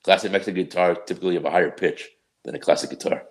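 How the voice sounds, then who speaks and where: Man, very low voice, laid-back, casual podcast chat, swears offhandedly. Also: fairly even intonation, racing. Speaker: podcast co-host.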